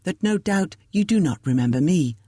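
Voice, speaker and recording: A courteous, reserved young officer in an audiobook, voiced by a woman narrator. His lines come formal and polite in a low, husky tone, recorded close and dry. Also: expressive, moderate pace, dark tone, no echo.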